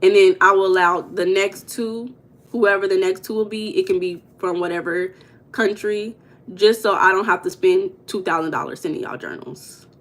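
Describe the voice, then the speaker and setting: A woman's voice: medium pitch, steady tone, moderate pace. A woman hosting a casual livestream, chatting straight to her viewers and repeating herself as she goes. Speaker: livestream host.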